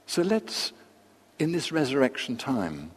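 Older male pastor, lively intonation and measured pacing, recorded in a big echoing hall. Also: mid-range voice, slightly rough. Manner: measured, with pauses and asides. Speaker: preacher. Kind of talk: sermon. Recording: long reverb of a large hall.

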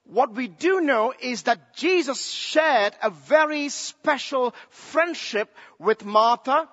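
A man with a high, bright voice delivers a sermon at an unhurried pace, leaning on key words and asking rhetorical questions. The sound is dull and lo-fi, with a long reverb from a large hall. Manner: slow, emphatic, asks rhetorical questions. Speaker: preacher.

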